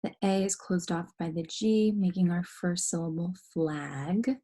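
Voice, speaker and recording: A woman teaching a phonics lesson to young students, explaining word parts slowly and carefully, step by step. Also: on the low side, mellow.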